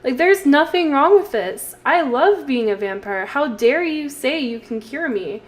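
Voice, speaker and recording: A woman's voice: sits high, animated, unhurried, pitched above the performer's own voice. A woman voicing a proud, arrogant male vampire who speaks with indignant outrage. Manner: outraged, declaring.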